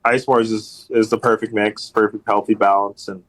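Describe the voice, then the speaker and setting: A hockey enforcer appears as a podcast guest, rambling through casual stories with lots of ums and phrases he repeats. His voice is lowish and flat, at a moderate pace.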